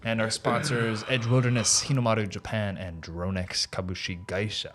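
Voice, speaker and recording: A man's voice: lowish voice, flat delivery, moderate pace, background noise. A young man hosting a podcast in a studio, chatting casually and playfully and laughing easily. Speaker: podcast host. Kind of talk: casual chat.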